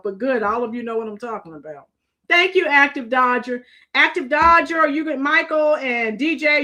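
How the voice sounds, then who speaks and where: A woman's voice: high-pitched, bright, forceful tone. A middle-aged woman from Florida hosts a live stream in casual chat, rambling and answering viewers' comments by name.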